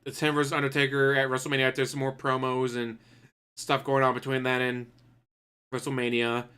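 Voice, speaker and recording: A man's voice: mid-range voice, completely flat delivery, fairly quick, bright, forceful tone, clear, resonant tone. A man ranting casually about wrestling as a streamer, swearing often and acting out quotes in put-on voices.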